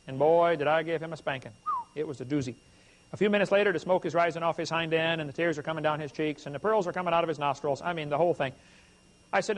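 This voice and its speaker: Middle-aged male evangelist, high voice, humorous storytelling sermon style. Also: fast talker. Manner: animated, humorous, addresses the crowd directly. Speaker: evangelist preacher.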